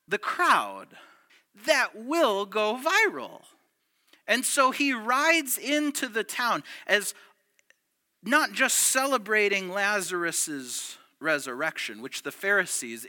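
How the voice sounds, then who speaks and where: A male pastor giving a conversational, animated sermon that swings from loud, punchy lines to hushed ones. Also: sits high.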